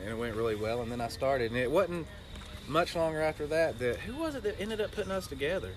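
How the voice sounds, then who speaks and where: Man, slightly high voice, hesitant, repeats words, outdoor campfire chat, faint background noise. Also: very animated, fast talker. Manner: hesitant, repeats words while telling stories. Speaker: wrestler and guest. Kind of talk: casual storytelling around a campfire. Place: outdoors around a fire.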